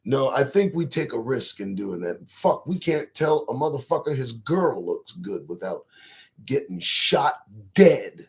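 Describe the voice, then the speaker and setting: A man hosting his own talk show, riffing in a casual live-stream monologue to viewers' chat, profane, rambling and emphatic. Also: a little high.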